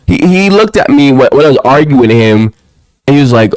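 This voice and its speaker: A young man ranting to camera in a casual monologue at home, often tacking a low "bro" onto his lines. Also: expressive, a little fast, darkish tone, no echo, rough recording. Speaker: vlogger. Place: quiet home, alone.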